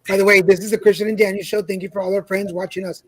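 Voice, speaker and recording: A man's voice: sits high, level tone, very fast, fairly bright tone, poor audio. A man co-hosting a casual chat show, sassy and chatty as he thanks viewers and leads topics. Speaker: co-host.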